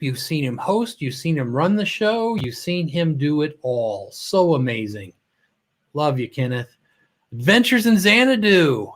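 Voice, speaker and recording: A man hosting a casual live stream, greeting viewers by name, a little choked up and often trailing off mid-sentence. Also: on the high side. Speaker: livestream host.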